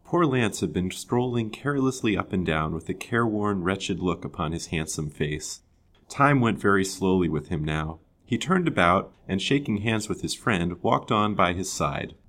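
A man with a very deep, low voice narrating an old-fashioned novel chapter by chapter. His reading is measured and expressive, steady through long sentences. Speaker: storyteller. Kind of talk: storybook reading.

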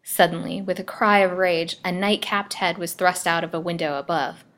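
A woman's voice: on the low side, moderate pace. Woman narrating a dramatic story. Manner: dramatic, expressive reading. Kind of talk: scripted narration.

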